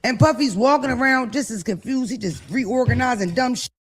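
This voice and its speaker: A man's voice: very high-pitched, fairly quick, a bit bright, breathy edge, faint music behind. A man co-hosting a podcast, gossiping crudely and theatrically and mimicking people he talks about. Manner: gossipy, theatrical, quotes people in mock voices. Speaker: podcast co-host. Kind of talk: crude comedic casual chat.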